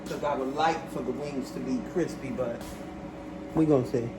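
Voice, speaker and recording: A man chatting casually to his viewers while cooking in his home kitchen, getting animated when he rants. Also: mid-range voice, a little fast, echoey room, heavy background noise. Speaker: cooking vlogger. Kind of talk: casual cooking vlog chat.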